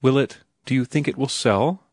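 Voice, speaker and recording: A man's voice: medium pitch, normal speed, darkish tone, dry recording, studio quality, voice pushed up, close to an everyday voice. A man voicing a prim, reproachful young woman in an audiobook, earnest and disapproving in how she questions. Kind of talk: audiobook character reading.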